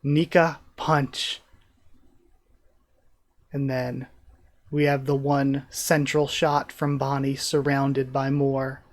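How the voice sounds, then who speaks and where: A man hosting a live manga reaction, reading panels aloud and commenting excitedly. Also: mid-range voice, slow pace, long pauses. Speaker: reaction channel host.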